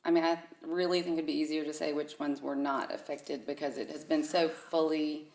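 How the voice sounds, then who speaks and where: A woman's voice: low voice, steady tone, moderate pace, darkish tone, reverberant. A woman guest describing her own experience as a client, enthusiastic and jokey. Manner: enthusiastic and jokey, laughs often. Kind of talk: casual interview talk.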